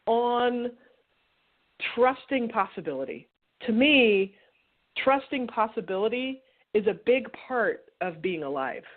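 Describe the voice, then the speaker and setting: A woman's voice: fairly high pitch, lively intonation, takes it slowly. A woman co-hosting a podcast, talking reflectively and posing rhetorical questions. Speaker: podcast co-host. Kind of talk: conversational podcast talk. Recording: phone-like narrow sound.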